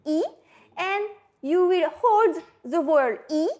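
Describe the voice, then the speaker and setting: A woman's voice: very high-pitched, lively intonation, slow, a little mellow. A woman, a teacher patiently coaching pronunciation and often checking in with "hmm?". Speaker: French teacher. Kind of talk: pronunciation lesson.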